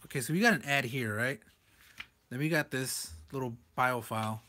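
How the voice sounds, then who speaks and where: A man's voice: mid-range voice, moderate pace, bright, forceful tone, slight background noise. A man reviewing a comic book page by page in a loose, rambling way, chuckling often as he talks. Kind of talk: casual comic commentary.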